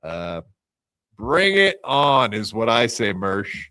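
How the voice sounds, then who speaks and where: A man's voice: on the low side, sing-song, slow pace, sharp tone, a little hiss or hum. A man hosting a live podcast on his own, delivering a profane, taunting rant and casual sign-off chatter. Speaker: podcast host.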